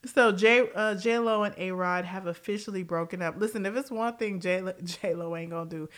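A woman's voice: medium pitch, normal speed. A woman hosting a casual pop-culture commentary show, blunt and profane, laughing often and jumping between tangents.

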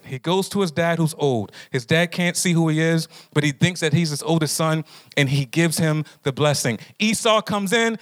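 A man's voice: a little high, normal speed. A man preaching a sermon to a live group in a conversational way, often putting questions to his listeners. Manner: conversational, asks the audience questions. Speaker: pastor.

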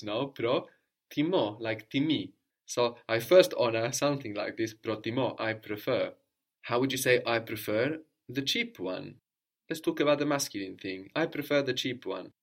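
A man's voice: mid-range voice, animated, moderate pace. Patient man teaching Greek grammar. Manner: patient, explains grammar step by step, prompts with questions. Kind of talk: language lesson with a student.

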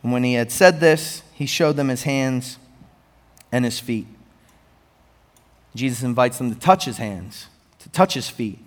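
A man preaching a sermon as pastor, animated with rising emphasis and conversational asides to the congregation. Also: mid-range voice, a little slow, pauses often.

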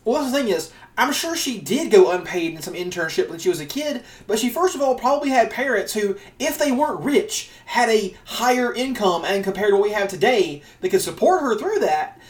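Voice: mid-range voice, lively intonation, a little fast, hardly any pauses. A young podcast host chatting casually, laughing often and swearing now and then, and reading an article aloud. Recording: echoey room, voice off-mic.

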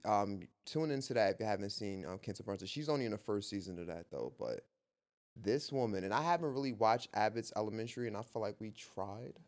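A man's voice: fairly low pitch, expressive, brisk. A man co-hosting a casual podcast, talking animatedly, exclaiming and repeating himself. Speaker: podcast co-host. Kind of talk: casual chat.

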